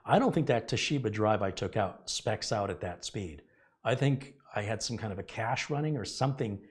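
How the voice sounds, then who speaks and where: A middle-aged tech channel host with a fairly low voice and lively intonation explains computer repair at a moderate pace in a casual tutorial. He's earnest, rambles, and corrects himself repeatedly.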